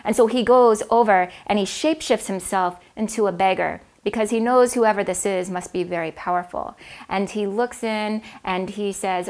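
A woman telling an old myth aloud, with expressive, dramatic emphasis on key moments. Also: mid-range voice, normal speed. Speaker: storyteller. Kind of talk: oral myth storytelling.

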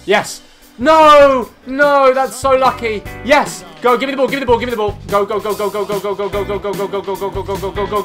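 Hyped gamer man, shouting over music. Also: sits high, a little fast. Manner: hyped, shouts and swears at the game. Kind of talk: excited gameplay commentary. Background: game music.

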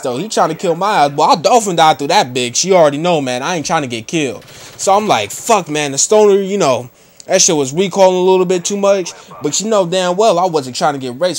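A teenage boy giving casual gameplay commentary, brash and profane, rambling with lots of "you know" and slang. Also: high-pitched. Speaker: gaming commentator.

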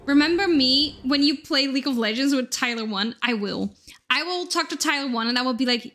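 Bright high-voiced excitable woman streamer. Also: brisk, faint music behind. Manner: excitable, swears, chats with viewers. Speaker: game streamer. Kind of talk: casual live-stream chat while gaming.

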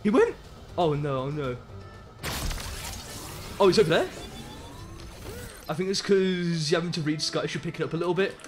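A young English man live-streaming a video game, excitable and loud, swearing and chatting to his viewers. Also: fairly high pitch, moderate pace, long pauses. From England. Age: young adult. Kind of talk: live gaming commentary. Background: game music.

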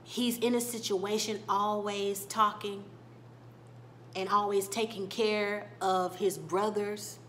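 A woman's voice: mid-range voice, steady tone, takes it slowly, fairly bright tone, a little hiss or hum. Chatty woman recapping a TV episode. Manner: chatty, retelling scenes and quoting characters with little laughs. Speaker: TV show reviewer.

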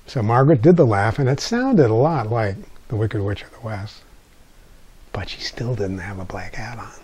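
An older man from the United States, an author, telling a personal story with animated, wry delivery and quiet asides. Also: on the low side, normal speed, slightly rough.

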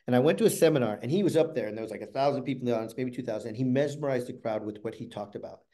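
A middle-aged man giving a motivational storytelling talk, animated and swinging from loud bursts to hushed asides. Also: medium pitch, racing. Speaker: motivational speaker.

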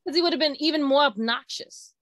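A woman co-hosting a casual wrestling chat, talking fast with many fillers. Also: high-pitched, a bit bright, no echo. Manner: chatty, full of "like" fillers, confused and emphatic. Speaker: wrestling show co-host.

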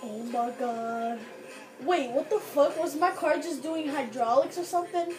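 A woman chatting casually with friends while gaming, loud and excitable, swearing freely. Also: sits high, unhurried, music in the background, rough recording. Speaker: gamer playing with friends.

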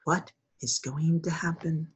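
A woman storyteller reading a classic tale aloud in a friendly, expressive way. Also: deep voice, measured pace, a little hiss or hum, poor audio.

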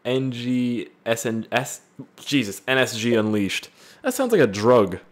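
A man reading fan voice messages aloud and reacting with loud, profane jokes in a casual gaming video. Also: medium pitch, lively intonation, measured pace. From Canada. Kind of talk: casual gaming vlog commentary.

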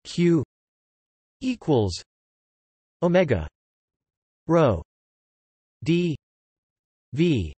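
Computer guy voice reading an encyclopedia article, flat and synthetic, spells out math code letter by letter, totally dry sound. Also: fairly high pitch, drawn-out words, long pauses, husky, no room sound. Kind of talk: text-to-speech article reading.

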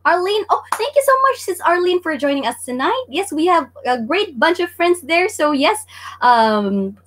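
A woman's voice: very high voice, big pitch swings, moderate pace, fairly bright tone. A woman hosting a livestream Japanese lesson, bubbly and laughing often as she greets viewers by name. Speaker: online Japanese teacher.

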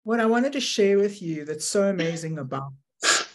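A woman's voice: mid-range voice, animated, moderate pace. A woman fashion designer telling an earnest personal story on an online panel. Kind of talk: casual panel chat.

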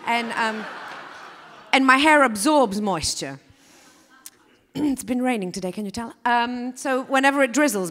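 A woman's voice: on the high side, lively intonation, moderate pace, pushed and bright. A woman doing stand-up, chatty and self-mocking with lots of fillers, then presenting thanks at the end of an event on a concert hall stage. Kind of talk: stand-up comedy. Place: large concert hall stage, live audience.

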